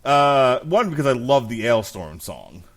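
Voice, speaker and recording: A man's voice: mid-range voice, big pitch swings, measured pace, fairly bright tone. A man hosting a podcast, reviewing an album in casual chat, blunt and crude, laughing often. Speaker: podcast host.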